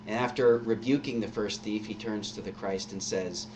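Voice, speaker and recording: A man's voice: on the low side, fairly even intonation, moderate pace, hardly any pauses, distant mic, background noise. A male pastor giving a conversational sermon full of rhetorical questions at a live-streamed church service.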